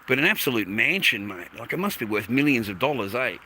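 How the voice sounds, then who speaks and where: In a low-quality recording, a man with a mid-range voice speaks fairly quickly, sounding very animated, bright and forceful. He's an Australian livestreaming outdoors on a street, rambling, cursing and calling everyone "mate" amid traffic noise.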